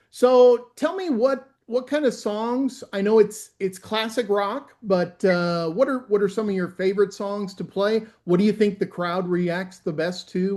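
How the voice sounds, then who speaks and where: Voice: mid-range voice, darkish tone. An interviewer putting friendly, casual questions to a band.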